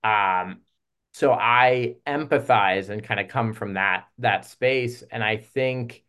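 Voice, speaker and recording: Reflective low-voiced male podcast host. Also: slow pace, clear, resonant tone. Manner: relaxed, reflective, many filler words. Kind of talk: casual podcast conversation.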